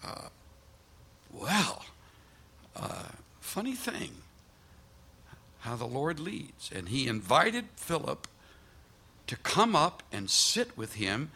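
A man preaching a sermon, telling stories in lively fashion and acting out the people he quotes. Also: on the high side, slow, pauses often, slightly rough. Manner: animated storytelling with quoted voices and restarts; preaches from a scripture passage. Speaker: pastor.

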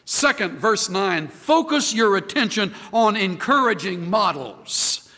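A man preaching a sermon as pastor, emphatic and lively, quoting scripture. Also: high voice, takes it slowly, in a large hall.

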